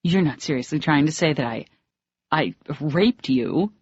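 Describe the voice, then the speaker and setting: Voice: medium pitch, expressive, measured pace, breathy edge, no room sound. An audiobook narrator voicing a flustered, embarrassed young woman who keeps apologizing, in a raised, anxious voice. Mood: apologetic. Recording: dry, slightly dull audiobook recording.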